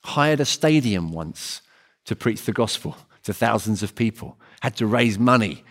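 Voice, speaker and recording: A man's voice: lowish voice, animated, unhurried. Earnest male preacher, emphatic repeats. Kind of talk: sermon.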